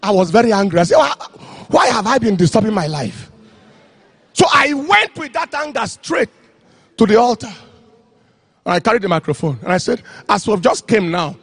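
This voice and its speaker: A man preaching an impassioned sermon, telling a story and shouting out phrases. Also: very high-pitched, slightly rough, no echo.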